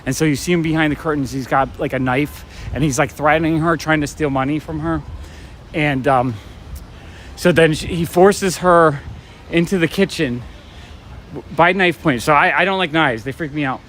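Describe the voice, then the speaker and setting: A man's voice: on the high side, normal speed, fairly bright tone, slight background noise. A man hosting a live stream while walking outdoors at night. He chats casually and enthusiastically, with lots of fillers and restarts. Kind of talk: casual rambling chat. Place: city street at night, outdoors. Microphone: handheld phone or camera while walking.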